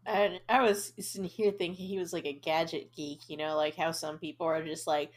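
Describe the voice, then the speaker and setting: A woman's voice: low voice, fairly even intonation, brisk, hardly any pauses. A young woman co-hosting a casual podcast, joking and swearing freely. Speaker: podcast co-host. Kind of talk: casual chat.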